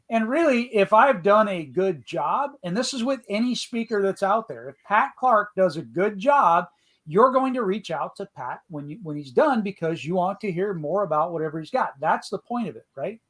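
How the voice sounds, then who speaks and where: High-voiced man in loose casual chat. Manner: loose, repeats words, laughs often. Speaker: podcast co-host.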